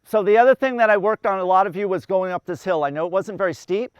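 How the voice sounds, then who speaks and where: A man with a very high speaking voice coaches a group of athletes outdoors. He explains breathing cadence patiently, counting the steps aloud in a steady rhythm. His tone is smooth and clear, with a close, dry sound. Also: quick pace, no room sound, lo-fi sound. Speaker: endurance coach.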